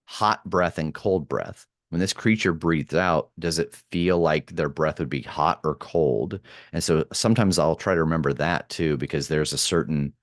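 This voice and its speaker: A man with a very low, deep voice talks through acting and production tips at an easy, thoughtful pace. He restarts often and fills pauses with ums. The sound is dry and close, with no room around it. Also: no echo. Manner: thoughtful, many fillers and restarts. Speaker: podcast producer and actor. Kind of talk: casual interview chat.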